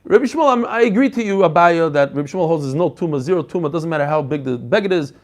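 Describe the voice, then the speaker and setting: Brief: middle-aged male rabbi, high voice, animated Talmud lecture peppered with Hebrew terms. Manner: animated, mixes English with Hebrew and Yiddish terms, talks to listeners directly. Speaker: rabbi teaching a daily Talmud page. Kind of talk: lively Talmud class lecture.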